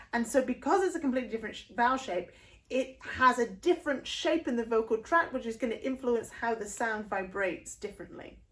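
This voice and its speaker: A woman with a northern English accent, teaching singing in a video lesson and patiently explaining vowel shapes with short demonstrations. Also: on the high side. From northern England. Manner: patient, explanatory, breaks into sung vowel demos.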